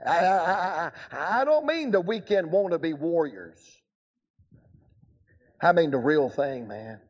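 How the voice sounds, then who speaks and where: An older man preaching at a revival. His voice runs high, and he tells stories in a folksy, joking way. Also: animated, takes it slowly. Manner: folksy storytelling with humor. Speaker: evangelist preacher. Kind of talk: revival sermon.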